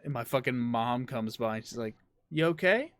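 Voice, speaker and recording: A man's voice: mid-range voice, level tone, brisk, no echo. A young man hosting a podcast, telling rambling stories among friends, swearing freely and laughing. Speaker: podcast host. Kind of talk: casual chat.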